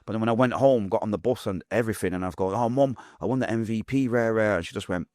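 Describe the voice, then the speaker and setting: A man's voice: lowish voice, no echo, studio quality. A man in his forties with a Manchester accent, a podcast guest candidly telling his life story, acting out quoted voices. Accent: Mancunian English. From Manchester, England. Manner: fast, animated retelling with acted-out quotes.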